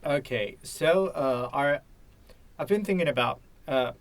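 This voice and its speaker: A man's voice: fairly high pitch, expressive, unhurried. Hesitant man practicing English. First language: Indonesian. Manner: hesitant, searching for words. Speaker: English learner, teacher. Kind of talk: casual English speaking practice.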